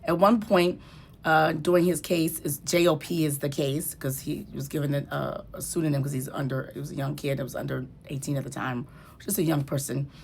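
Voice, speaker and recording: A woman's voice: low-pitched, flat delivery, a little fast, gravelly, a little mellow, slight background noise. A woman talking casually as a legal commentator, explaining court cases in a conversational way that turns heated and emphatic.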